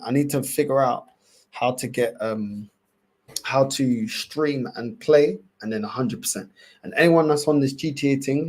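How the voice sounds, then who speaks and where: A young man with a London accent hosts a livestream and reacts to clips in loose, slang-heavy chat. He laughs often and circles back to the same phrases. His voice sits at an ordinary pitch for a man. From England. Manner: animated, laughing, repetitive slang-heavy banter. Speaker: livestream host.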